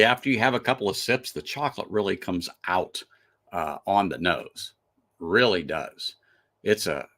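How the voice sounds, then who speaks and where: Man, lower voice, casual stream host, chatty, restarts, relaxed. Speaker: whiskey reviewer and live stream host. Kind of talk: casual live stream chat.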